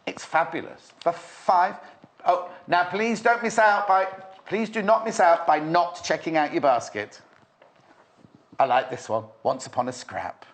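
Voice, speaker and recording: A man's voice: on the high side, a little slow. Gushing man selling fabric. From Merseyside, England. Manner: gushing, repeats himself, teasing banter. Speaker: shopping channel presenter. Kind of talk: chatty live sales presenting.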